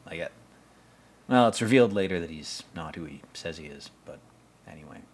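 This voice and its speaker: Man, podcast host, lowish voice, casual movie commentary, rambling, blunt, profane. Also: expressive, a little fast, slight background noise.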